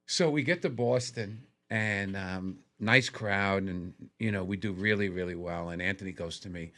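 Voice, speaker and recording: A man's voice: low voice, normal speed, hardly any pauses. A man, a comedian guest telling stories on a podcast and acting out the people he quotes. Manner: animated storyteller, acts out quotes in a raised voice. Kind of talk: casual storytelling on a podcast.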